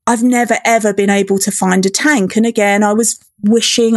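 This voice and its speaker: Lady gushing happily in a chat, giggly, bubbly, mid pitch, dead dry mic. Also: fairly even intonation, brisk, hardly any pauses, no echo. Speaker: podcast guest, festival organizer. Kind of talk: casual interview chat.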